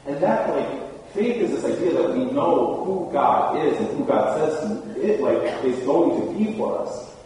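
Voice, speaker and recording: A man's voice: on the high side, expressive, unhurried, warm tone. A man preaching a casual, conversational sermon, full of fillers, and laughing easily. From Michigan. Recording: very echoey hall, far from mic.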